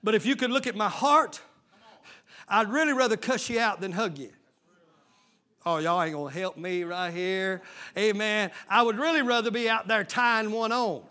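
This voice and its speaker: A man's voice: high voice, moderate pace, sharp tone. A man, a pastor, preaching a fervent sermon with call-and-response to his congregation.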